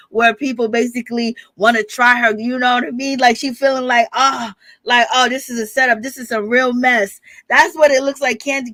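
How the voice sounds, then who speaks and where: A woman's voice: fairly high pitch, no echo. A woman giving a casual, chatty recap of a reality TV episode and often laughing. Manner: chatty, animated, laughs often, uses "baby". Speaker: reality TV commentator.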